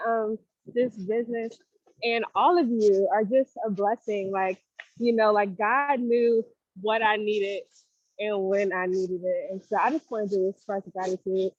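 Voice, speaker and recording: A woman talking on a phone video call while walking home outdoors, halting and emotional as she thanks the group. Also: on the high side, steady tone, no echo. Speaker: new member on a group call. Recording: dull, lo-fi phone audio.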